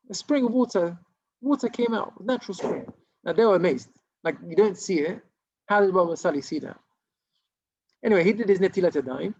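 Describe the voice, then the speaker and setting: A man's voice: sits high, gravelly, a little mellow. A man, a rabbi, telling a story in an informal Torah class, with many restarts and Hebrew terms. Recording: dull lo-fi recording.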